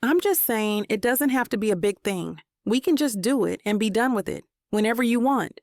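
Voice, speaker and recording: A woman narrating an audiobook voices a relaxed, affectionate young boyfriend. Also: a little high, moderate pace, no echo, clean studio sound. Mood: easygoing. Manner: relaxed, calls her babe.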